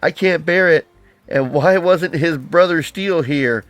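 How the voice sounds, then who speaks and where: A man's voice: fairly high pitch, measured pace, no echo, faint music behind, close to an everyday voice. A man voicing a grieving friend at a funeral, speaking in a tearful, raised, pleading way. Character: grieving friend sobbing at a graveside.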